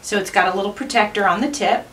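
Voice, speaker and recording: A woman's voice: medium pitch, quick pace, fairly bright tone, distant mic, a little hiss or hum. A woman hosting her own craft channel, chatting through an unboxing with gushing enthusiasm. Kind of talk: unboxing narration.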